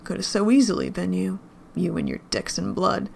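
A woman's voice: lowish voice, sing-song, normal speed, gravelly, slight background noise, exaggerated voice. A woman voicing a scornful older man, a harsh father, with a sneering delivery.

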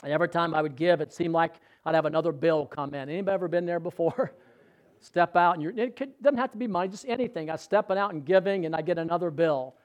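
A male preacher with a notably high voice delivers a sermon. He tells stories casually and keeps checking in with his listeners through questions. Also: fast talker, highs cut off. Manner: conversational storytelling, quizzing the congregation. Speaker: pastor.

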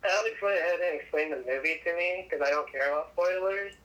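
A man's voice: a little high, fast talker, a bit bright, muffled recording. A man co-hosting a casual film podcast, making dry, laid-back remarks. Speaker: podcast co-host.

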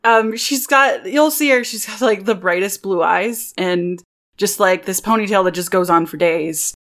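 A woman's voice: mid-range voice, moderate pace, fairly bright tone. A woman playing a tabletop game in character, flustered and rambling, cutting herself off. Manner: flustered, rambling, self-interrupting. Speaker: player.

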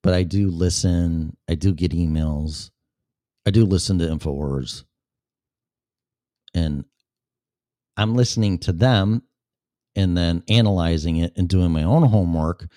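A man hosts his own talk show and answers the chat room in a blunt, sarcastic way, swearing freely. His voice sits very low and mellow. The sound is close and dry. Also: moderate pace, pauses often, no echo. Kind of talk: casual solo show, reading chat aloud.

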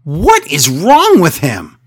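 A man's voice: on the high side, wildly swooping pitch, slow, slightly rough. A man co-hosting a casual wrestling recap, sarcastic and exasperated, often mimicking wrestlers in a raised voice. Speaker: wrestling podcast co-host.

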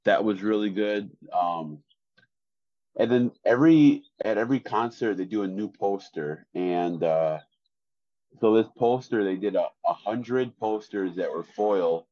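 A very low-pitched man chats casually on a podcast and keeps his tone flat and deadpan, with plenty of ums and uhs. The recording is dry and a little dull, as if from a modest close mic. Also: unhurried, no room sound. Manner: flat deadpan delivery, many fillers. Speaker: podcast co-host. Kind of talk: casual chat.

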